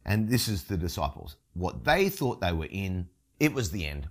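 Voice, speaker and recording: A man preaching a sermon, telling a story with expressive emphasis. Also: fairly low pitch, moderate pace. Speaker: pastor.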